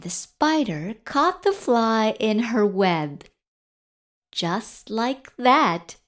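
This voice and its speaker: Slow, lively woman reading a storybook. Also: a little high. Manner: lively, sing-song read-aloud voice, playful animal sounds. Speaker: storybook reader. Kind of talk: reading a children's picture book aloud.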